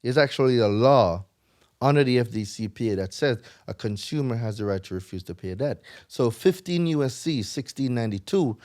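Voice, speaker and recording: A man's voice: mid-range voice, animated, a little fast, a little mellow. A man with a Jamaican accent, a guest on a casual podcast, explaining credit repair in an emphatic, lecturing way and swearing freely.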